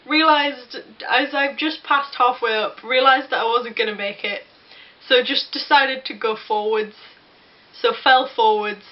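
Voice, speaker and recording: A young Englishwoman telling a story to her camera, chatty and self-mocking, tripping over her words now and then. Her voice sits a little high for a woman. The recording is dull and lo-fi. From England. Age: young adult. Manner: chatty, self-deprecating, with frequent restarts. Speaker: vlogger. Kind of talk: casual vlog storytelling.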